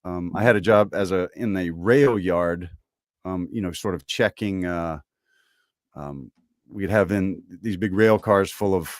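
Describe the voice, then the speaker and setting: A man with a Southern American accent talking casually in a podcast conversation, relaxed and thoughtful, with trailing fillers and an unhurried drawl. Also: sits low, no room sound, clean studio sound. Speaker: voice actor guest.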